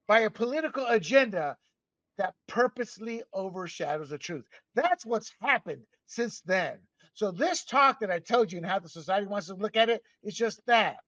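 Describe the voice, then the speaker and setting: A man from Panama, the host of a podcast, delivers opinionated commentary in a fairly high, insistent voice. He is emphatic and impassioned, swinging between loud and soft. The recording sounds dull and dry. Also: animated, moderate pace, no echo.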